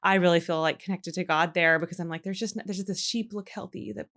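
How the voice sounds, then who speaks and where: A woman's voice: on the low side, steady tone, fast talker, a bit bright. A woman hosting a podcast, chatting casually and enthusiastically with her guest. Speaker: podcast host. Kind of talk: casual interview chat.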